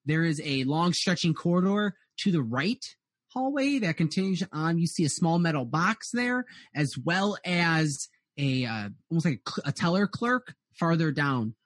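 A man's voice: fairly high pitch, animated, moderate pace, dry recording. A man narrating as game master in a rambling way, full of "uh"s and restarts.

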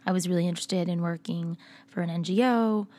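A woman's voice: lowish voice, fairly quick, warm tone. A woman from Massachusetts, a musician guest, talking casually and telling her story in a podcast interview. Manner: chatty, laughs often, storytelling.

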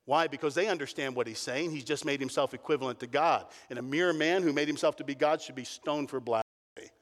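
A middle-aged man preaching a sermon as a pastor, telling the story with emphatic repetition and lively build-ups. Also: medium pitch, a little fast. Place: church sanctuary. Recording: long reverb of a large hall.

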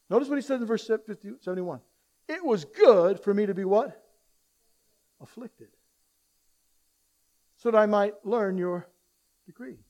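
This pastor's voice is very high-pitched, and he moves at a normal speed but pauses often. His sermon shifts between loud, pressing appeals and hushed remarks, complete with acted-out quotations and lines the congregation echoes back.

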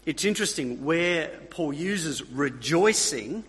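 A man's voice: medium pitch, animated, slow, a bit bright, slightly rough. A man preaching a sermon, emphatic, repeating key phrases and checking in with his listeners. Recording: long reverb of a hall.

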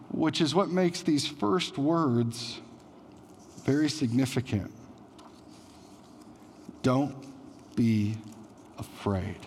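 Higher-voiced male pastor in a reverberant hall. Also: slight background noise. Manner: conversational preaching with frequent "like" fillers. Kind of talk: sermon.

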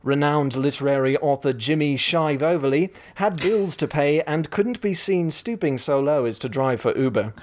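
A man reading his own short story aloud in a brisk, deadpan manner. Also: a little high, a little hiss or hum.

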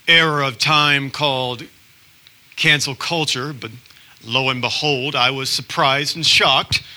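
A man's voice: medium pitch, pushed and bright. A man preaching a sermon as pastor, telling stories in a conversational, self-deprecating way and acting out quotes.

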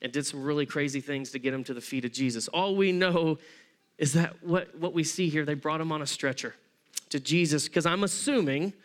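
Man preaching, lively conversational sermon, high voice, smooth and clear. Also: brisk. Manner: acts out voices of people in the story. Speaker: pastor.

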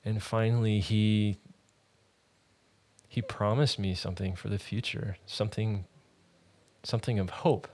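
Earnest low-voiced man sharing testimony. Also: little pitch movement, darkish tone. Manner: earnest, halting, conversational storytelling. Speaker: ministry podcast host. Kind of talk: personal faith testimony.

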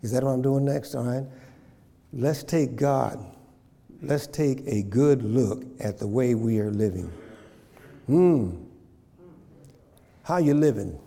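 A man's voice: mid-range voice, slow, gravelly, long pauses, mellow. Preacher man in a reverberant church. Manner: call-and-response, repeats phrases, checks in with the congregation. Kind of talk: sermon.

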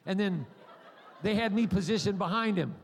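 A high-pitched, gravelly man preaching in a large church hall, his voice trailing off into long reverb. He tells his stories with a rambling, jokey energy and acts out the people in them. He is a middle-aged preacher from the United States. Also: moderate pace, slight background noise. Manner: animated, acts out voices and cries; humorous, rambling asides. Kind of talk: sermon with storytelling.

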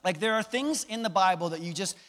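A male pastor delivers a sermon in a loose, conversational way, often turning to the audience with questions. His voice sits high. It rings out with the long reverb of a large hall. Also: a little fast, fairly bright tone. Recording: echoey hall.

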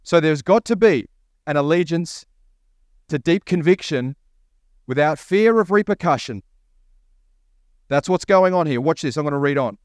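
A man's voice: on the high side, lively intonation, moderate pace, long pauses, dry recording, clean studio sound. A man preaching a sermon as pastor, telling a story and acting out both sides of a conversation.

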